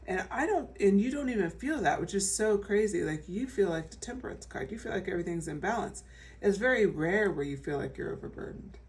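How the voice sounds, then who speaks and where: A woman's voice: mid-range voice, expressive, brisk, a little mellow. Chatty woman reading tarot, slightly distant. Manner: chatty and reassuring, full of fillers and restarts. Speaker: tarot reader. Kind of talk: casual pick-a-card tarot reading.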